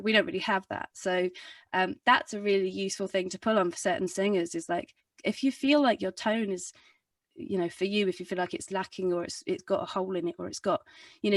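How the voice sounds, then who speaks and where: A woman's voice: mid-range voice, a bit bright, no room sound, far from the mic. A young adult woman, a singer and vocal coach, explaining in a rambling, chatty way with lots of fillers and self-corrections. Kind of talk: casual explanatory talk in a video interview.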